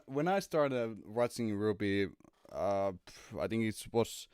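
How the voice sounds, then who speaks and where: A man hosting a casual livestream, talking haltingly and laughing often. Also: lowish voice, animated, darkish tone, smooth, no echo, clean studio sound. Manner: giggly, slow and halting. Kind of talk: casual chat.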